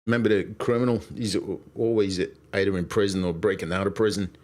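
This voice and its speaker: A man hosting his stream in a relaxed, meandering way with a lowish voice. He stops and starts often and circles back as he talks. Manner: rambling, halting, with frequent fillers. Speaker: streamer host. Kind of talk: casual live-stream chat.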